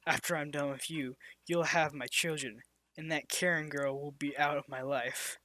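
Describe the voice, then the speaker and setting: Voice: medium pitch, fairly even intonation, pushed and bright, lightly acted. A reader doing a smug would-be sexy romance man. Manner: slow, would-be sexy delivery.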